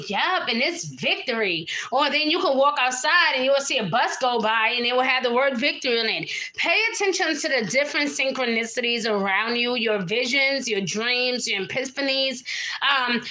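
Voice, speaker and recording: A woman's voice: sits high, sharp tone, poor audio. A woman doing a live tarot reading, chatty and swearing casually, acting out little quotes. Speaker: tarot reader.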